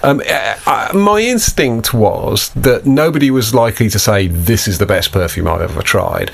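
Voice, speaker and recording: Podcast host, male, lowish voice, wry, casual, swears easily. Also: creaky. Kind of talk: casual chat.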